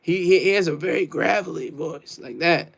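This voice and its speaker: A man's voice: high voice, moderate pace, gravelly. A man hosting a casual livestream, reading chat comments and rambling boastfully, laughing often. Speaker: livestream host.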